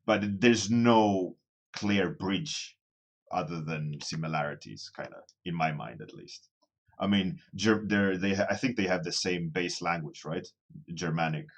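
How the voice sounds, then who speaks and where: Low-voiced man chatting with his stream. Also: measured pace. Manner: rambling and self-deprecating, restarting phrases as he thinks aloud. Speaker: artist streaming a daily warmup. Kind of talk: casual livestream chat with viewers.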